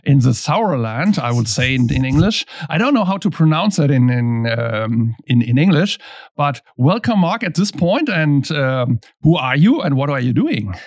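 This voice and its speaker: A man with a German accent hosting a podcast, speaking English as a second language in a friendly, halting way with many fillers and restarts. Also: medium pitch, big pitch swings, no room sound, studio quality. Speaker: podcast host. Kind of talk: casual interview chat.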